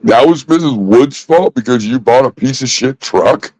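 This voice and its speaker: A man's voice: mid-range voice, expressive, moderate pace, darkish tone, no room sound, low-quality recording. A man ranting casually in an exasperated, profane way, repeating himself. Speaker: vlogger. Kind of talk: casual rant.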